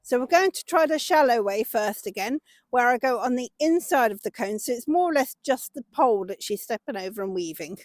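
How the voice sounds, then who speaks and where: A woman who owns a horse and hosts her own vlog narrates casually while working the horse outdoors, encouraging it as she goes. Her voice is fairly high and expressive, a little fast, with no echo.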